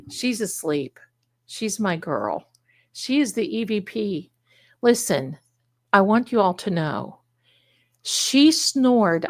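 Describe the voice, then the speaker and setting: A woman hosting a psychic livestream, chatting casually and rambling, calling her viewers "my darlings.". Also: mid-range voice. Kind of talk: casual live-stream chat.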